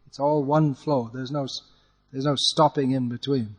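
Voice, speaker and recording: A mid-range male voice with fairly even intonation leads a class in Sanskrit chanting. He corrects pronunciation with patience and demonstrates by chanting lines slowly, and the sound has a big-room quality.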